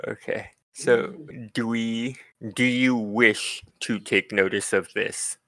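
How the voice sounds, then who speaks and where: A man's voice: mid-range voice, steady tone, slow pace, a bit bright, no echo. A man running a tabletop game over an online voice call, laid-back with laughing asides. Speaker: game master.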